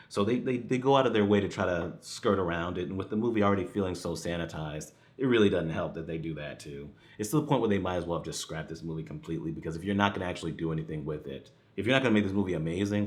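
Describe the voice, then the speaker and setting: A man's voice: low voice, darkish tone. A man giving a casual spoken movie review, rambling with many restarts and fillers and chuckling now and then.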